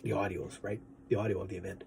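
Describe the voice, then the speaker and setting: A man's voice: fairly low pitch, level tone, fast talker, vocal fry, darkish tone, slight background noise. A man vlogging in a casual, rambling monologue, swearing freely and asking "right?" as he goes.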